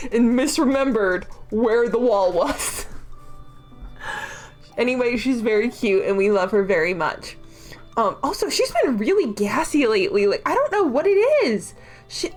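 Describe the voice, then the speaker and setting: Young woman streamer, casual chat, giggly and rambling, fairly high voice, faint music underneath. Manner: giggly, rambling, laughs often. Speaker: livestreamer.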